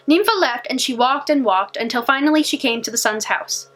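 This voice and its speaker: A woman library storyteller reading a fairy tale aloud in an animated, expressive way. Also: high-pitched, a little fast, faint music behind.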